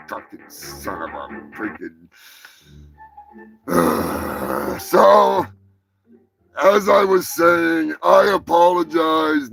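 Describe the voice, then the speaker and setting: A man hosts a live show with a high, gravelly voice. He talks slowly, moving from mock-solemn confession to shouted, swearing fury. Faint music sits behind him. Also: poor audio. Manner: swings from slow mock-solemn to shouted profane rage. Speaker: podcast host. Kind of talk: mock-apology comedy rant.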